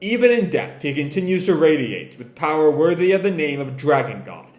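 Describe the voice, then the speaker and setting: A man's voice: fairly high pitch, big pitch swings, brisk, darkish tone. A man reading aloud the lines of a grave, ancient male dragon in a comic, in his own voice. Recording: echoey room.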